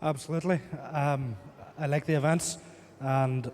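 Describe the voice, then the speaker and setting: A man with a soft Irish accent, a strongman athlete giving a brief post-event interview in a quietly menacing way. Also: a little high, steady tone, a little slow, slight background noise. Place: indoor arena. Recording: reverberant arena.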